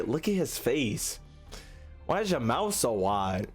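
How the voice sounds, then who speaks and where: A male gaming YouTuber reacts to a story scene with excitable, joking commentary full of slang. His pitch sits in the middle of the male range. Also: slow, husky, soft background music. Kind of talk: casual gameplay commentary.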